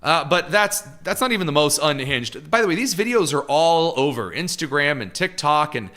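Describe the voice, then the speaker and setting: A man hosting a live political commentary show, with a sarcastic, mocking edge. His voice is bright and forceful and sits fairly high. His pitch swings widely as he talks. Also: expressive, moderate pace.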